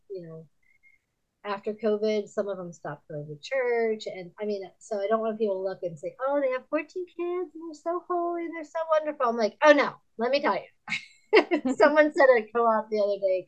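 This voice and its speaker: A woman in her fifties, a podcast guest and author, telling candid stories in a lively way, laughing often and acting out other people's lines in a higher voice. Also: muffled recording. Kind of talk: candid conversational storytelling.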